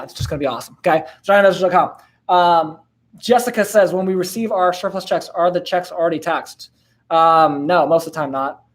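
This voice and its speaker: Laid-back young man hosting a live Q&A. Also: a little high. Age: 20s. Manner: laid-back, slangy, lots of fillers and laughs. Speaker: host answering viewer questions. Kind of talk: casual live-stream Q&A.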